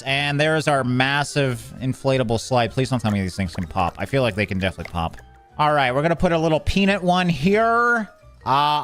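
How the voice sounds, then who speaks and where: A man's voice: mid-range voice, fairly bright tone. A man giving casual, joking commentary while playing a game, often exasperated and talking to the game's characters. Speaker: gaming video creator.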